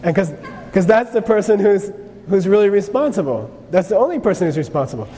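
A man's voice: sits high, lively intonation, brisk, mellow. A man giving a lecture on Buddhist teaching, speaking conversationally and often checking in with "okay?". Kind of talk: lecture on karma. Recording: long reverb, faint noise.

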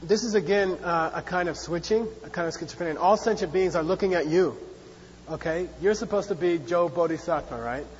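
A man's voice: high voice, a little fast, slight background noise. A man teaching a Buddhist class in a chatty, repetitive way, playfully acting out sarcastic voices. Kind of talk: dharma class lecture. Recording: dull, reverberant hall.

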